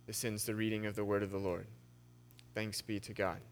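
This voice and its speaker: A man's voice: fairly low pitch, little pitch movement, a little fast, a little hiss or hum. A young man preaching in a church sanctuary, reading scripture with shifting emphasis and then telling a story in a conversational way. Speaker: pastor. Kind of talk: sermon.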